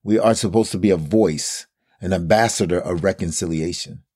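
A man's voice: low voice, normal speed, warm tone, breathy edge, dry recording, clean studio sound. A man in a casual Bible study discussion, talking earnestly in a preacherly way and building up lists of phrases. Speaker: co-host of a Bible study talk.

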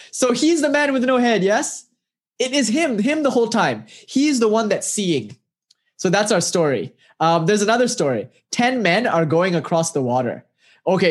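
A spiritual teacher giving a talk built around parables. The speaker is animated and casual, with plenty of fillers, and keeps turning to the listener with rhetorical questions. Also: mid-range voice.

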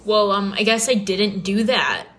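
A woman's voice: medium pitch, measured pace, fairly bright tone. A young woman hosting a podcast, telling a story in a chatty way with lots of filler words. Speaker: podcast host. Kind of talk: casual storytelling.

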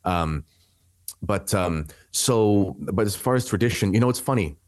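A man's voice: sits low, expressive, unhurried, dry recording. A man in his thirties from Canada, a podcast guest telling his story in a rambling, conversational way, full of restarts and fillers.

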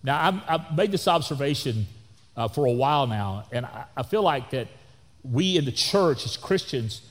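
A man, a pastor, preaching a sermon in an animated way and acting out the people he quotes. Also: mid-range voice, normal speed, big-room sound.

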